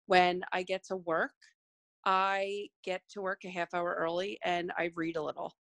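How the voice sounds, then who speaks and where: A woman's voice: fairly low pitch, flat delivery, moderate pace, vocal fry, fairly bright tone, no room sound. A woman speaking earnestly on a video call to her team, admitting her own excuses and growing tearful. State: near tears. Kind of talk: emotional group call testimony.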